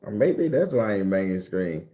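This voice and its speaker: A man hosting a casual livestream, talking loosely, cursing freely and answering viewer comments, sometimes breaking into loud, high ranting. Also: big pitch swings, moderate pace. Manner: swings into loud, high-pitched ranting at times. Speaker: livestream host.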